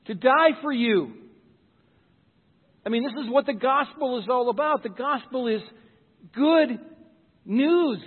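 A man's voice: very high voice, slightly rough, long reverb tail, phone-quality sound. A pastor giving a sermon in church, earnest and conversational, often repeating words as he starts a thought.

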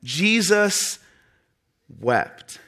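A man preaching a sermon in an earnest way, with dramatic pauses and soft drops in his voice. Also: sits high, very animated.

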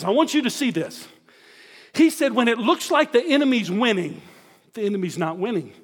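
A pastor preaching a sermon, emphatic and full of rhetorical questions put to the congregation. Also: male voice, high voice, fairly bright tone, long reverb tail.

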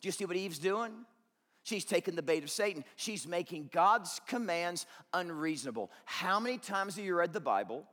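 A man's voice: high voice, lively intonation, normal speed, a bit bright, in a large hall. A man preaching a sermon as pastor, conversational and joking, acting out quotes to the congregation.

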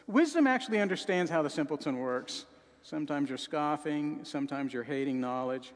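High-voiced preacher in a reverberant hall. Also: male voice, animated, brisk. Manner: dramatic, shifts between soft sorrowful and shouting. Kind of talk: sermon.

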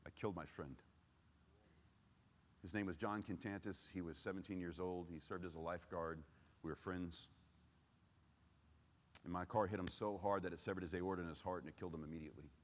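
Low-voiced man giving an earnest testimony. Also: steady tone. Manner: earnest, swings from loud urgency to hushed, heavy pauses. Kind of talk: personal testimony talk. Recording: long reverb of a large hall.

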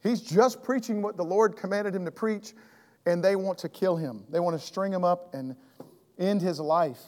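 Male Bible teacher, earnest and emphatic, a touch high-pitched, throat catching, long hall reverb. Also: moderate pace, a little mellow. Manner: earnest, emphatic, repeats and restarts phrases. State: throat trouble, clearing his throat. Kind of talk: evening Bible class teaching.

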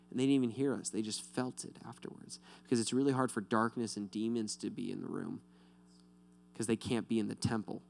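A man's voice: on the low side, vocal fry, a little mellow, slight background noise. A man pastor giving a casual, conversational sermon, talking straight to his listeners and often checking in with "right?". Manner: talks directly to listeners, often asking "right?".

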